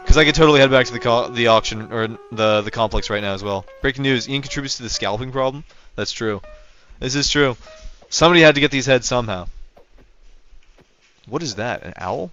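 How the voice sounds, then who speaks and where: A man's voice: medium pitch, a little fast, fairly bright tone, faint music behind. A young man streaming a game live, chatting casually with viewers in a rambling, self-correcting way, on a dull lo-fi mic. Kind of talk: casual livestream commentary.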